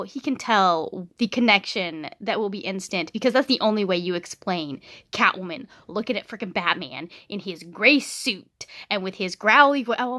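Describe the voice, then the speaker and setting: A woman talking casually in a reading vlog, chatty and animated, with frequent ums and restarts. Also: medium pitch. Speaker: book vlogger.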